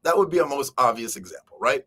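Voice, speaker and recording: A show host runs a live stream, chatting casually to his viewers about a book and acting out quoted lines along the way. He's animated and fast-talking, with a medium-pitched voice that has a breathy edge.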